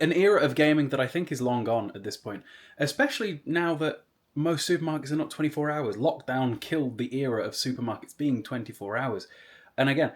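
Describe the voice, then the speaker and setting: Young guy, mid-pitched, casual storytelling vlog with rambling asides. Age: 20s. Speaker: YouTuber.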